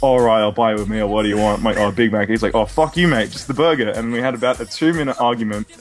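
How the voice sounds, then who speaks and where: A man's voice: on the low side, steady tone, fast talker, faint music behind. A young Australian man co-hosting a podcast, telling a story in a sweary, laughing way. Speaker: podcast co-host. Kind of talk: casual storytelling chat.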